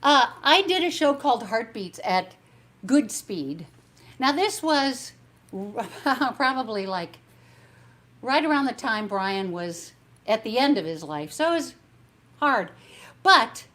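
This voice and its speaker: A woman's voice: a little high, fairly bright tone. A woman singer hosting her own concert, chatting casually and a little meanderingly between songs, thanking viewers as she goes. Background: piano music.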